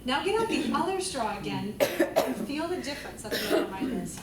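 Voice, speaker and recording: A woman's voice: high-pitched, sing-song, fairly quick, over a noisy crowd. Woman vocal coach in a roomy hall. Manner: encouraging, demonstrates vowels by singing. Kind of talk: group singing lesson. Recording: roomy, distant mic, loud music.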